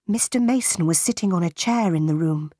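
A woman narrating a graded English storybook in a slow, careful, clearly paced reading style. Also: lowish voice, dark tone, no room sound, studio quality.

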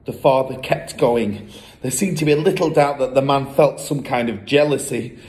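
A man's voice: mid-range voice, moderate pace. Man reading a children's story aloud. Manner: expressive, lively storytelling.

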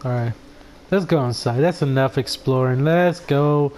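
A man giving excitable, laugh-filled let's play commentary, swearing freely as he reacts to the game. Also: medium pitch, a little fast, slight background noise. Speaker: gaming commentator.

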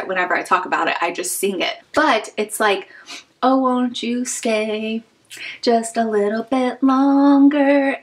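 A woman's voice: mid-range voice, fairly bright tone, rough recording. A young woman from Kansas hosting a casual vlog, opening fan mail, gushing and emotional, with many "like" fillers. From Wichita, Kansas. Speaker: YouTube channel host.

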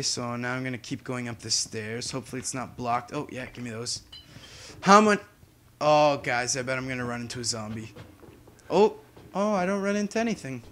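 A man's voice: medium pitch, normal speed, a bit bright, a little hiss or hum. Young guy doing a game walkthrough, rambly and casual, hums between lines. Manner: chatty, distracted, hums to himself. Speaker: gaming YouTuber. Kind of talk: casual gameplay commentary.

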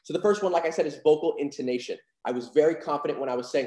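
A man's voice: on the high side, rapid-fire, hardly any pauses, darkish tone. A young man teaching card magic in a casual, upbeat and confident way, with lots of fillers. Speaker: magic instructor. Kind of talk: casual online lesson. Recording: echoey room.

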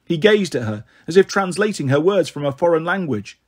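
A man reading a novel aloud in a steady storytelling voice, giving the characters their own voices. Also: on the high side, a little fast. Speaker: audiobook reader.

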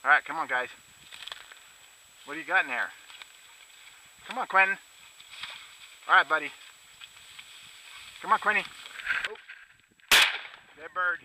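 A man out hunting with his dogs, shouting short commands to them and talking quietly to his camera. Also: lively intonation, a little slow, pauses often, slight background noise, rough recording. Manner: shouts dog commands, then talks low and quietly to the camera. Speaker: hunter filming his dogs. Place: outdoors in snowy rural fields.

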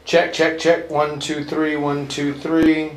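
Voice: medium pitch, little pitch movement, takes it slowly, echoey room, slight background noise. A laid-back host running the tech, chatting casually while checking the microphones. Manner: laid-back, counts through mic checks. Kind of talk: casual chat during mic checks.

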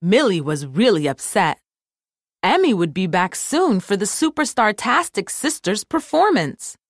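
A woman reading a children's storybook aloud in an expressive storytelling manner. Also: mid-range voice, measured pace, no echo, clean studio sound. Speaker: storybook reader. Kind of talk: scripted narration for children.

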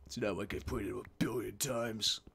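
A man's voice: fairly low pitch, fairly even intonation, moderate pace, creaky, a bit bright, slightly rough. A man giving casual, profane, joking commentary while playing a game, talking to himself and mumbling asides. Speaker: let's play gamer.

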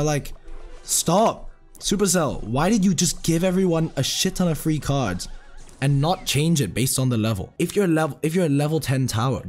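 A man giving casual gameplay commentary, ranting and swearing in a fast, offhand manner. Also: on the high side, a little mellow. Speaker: gaming channel host.

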